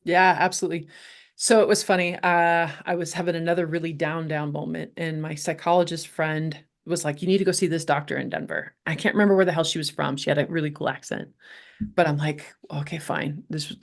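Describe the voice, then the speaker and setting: A middle-aged woman telling her story as a podcast guest, candid and animated, laughing often and swearing casually. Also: low-pitched, a little fast. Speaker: podcast guest, health coach.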